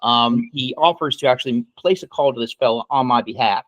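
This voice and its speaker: An American podcast co-host tells a long, rambling story in casual chat, swearing freely and constantly tacking on asides like "okay?". His medium-pitched voice is a bit bright and a little fast, in a dry recording.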